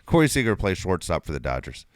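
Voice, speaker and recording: A middle-aged man co-hosting a casual chat show, telling a story animatedly, swearing freely and loudly acting out his own outbursts. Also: sits low, wildly swooping pitch, fast talker, dry recording, clean studio sound. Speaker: podcast co-host.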